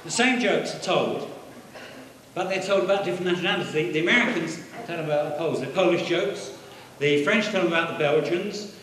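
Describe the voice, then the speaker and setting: A man playing a fake professor with a high, deadpan delivery. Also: fairly quick, slight background noise, natural voice. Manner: deadpan joke-telling with audience banter. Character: fake pompous male professor giving a business talk. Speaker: conference speaker. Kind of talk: stand-up comedy as a hoax lecture. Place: large conference hall. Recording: echoey hall with long reverb.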